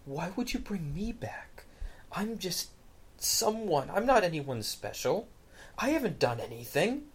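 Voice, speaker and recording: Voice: medium pitch, sing-song, a little slow, breathy edge, pitched above the performer's own voice, heavily acted. A preacher playing a bewildered young man. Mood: humble. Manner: hesitant, questioning, soft. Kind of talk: storytelling sermon.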